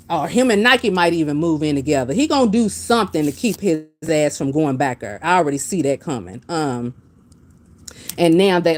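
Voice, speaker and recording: A woman hosting a casual commentary stream, blunt and profane, reacting to viewers' comments as she talks. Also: fairly low pitch. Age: adult with a master's degree. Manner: blunt, profane, animated, reads chat comments aloud. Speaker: commentary channel host.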